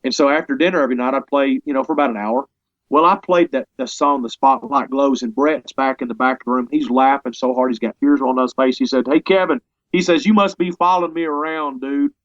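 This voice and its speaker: A man talking as an interview guest in a casual conversation. He sounds earnest and halting, often restarting his sentences. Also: medium pitch, fairly even intonation, no echo, muffled recording. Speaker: interview guest, parody songwriter.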